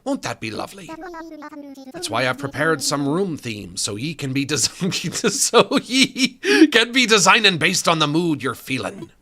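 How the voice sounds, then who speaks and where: A man voicing a bubbly female pirate creature who talks in a high, chirpy pirate lilt full of "ye" and "arr". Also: sing-song, measured pace, pushed and bright, exaggerated voice. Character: bubbly pirate woman creature, the captain's wife.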